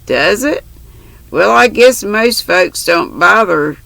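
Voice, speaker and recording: A woman voicing a blunt, rough-talking orphan girl with plain country grammar, reading a storybook aloud. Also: mid-range voice, lively intonation, slow, a bit bright, no echo, heavily acted, low-quality recording. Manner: plain-spoken, rustic grammar.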